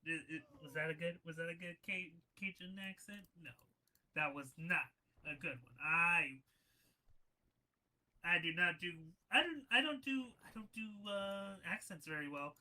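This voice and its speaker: A man calling a wrestling match play-by-play, who laughs and breaks into shouts at the big moves and chats loosely between them. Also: on the high side, unhurried, poor audio. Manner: chatty, many fillers and restarts. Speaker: wrestling commentator. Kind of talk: live play-by-play commentary.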